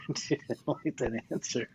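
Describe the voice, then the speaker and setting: A man telling a story in casual podcast chat, animated, swearing freely and laughing often. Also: medium pitch, a little slow, very noisy. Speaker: podcast guest.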